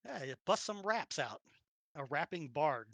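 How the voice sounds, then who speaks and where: A man's voice: fairly high pitch, sing-song, unhurried, gravelly, a bit bright. A man running a tabletop role-playing game as game master, narrating the action animatedly, laughing often and acting out little sounds.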